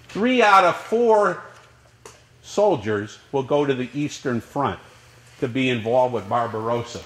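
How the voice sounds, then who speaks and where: A male college history professor giving a lecture, his voice sitting a little high. He keeps the class involved by asking question after question and answering them himself. The sound is roomy and echoes around the classroom. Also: slight background noise. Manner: lively lecturing with rhetorical questions.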